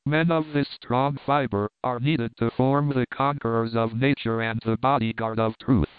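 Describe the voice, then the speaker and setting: A man's voice: mid-range voice, steady tone, moderate pace, clean tone, dry recording, close to an everyday voice. A man voicing a stern, domineering elderly professor who talks in a lofty, lecturing way, in a plain read-aloud voice. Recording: dry, phone-like narrow sound.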